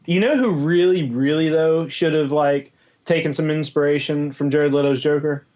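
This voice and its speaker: A man co-hosting a podcast in casual banter, laid-back and deadpan. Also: a little high, moderate pace, muffled recording. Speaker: podcast co-host.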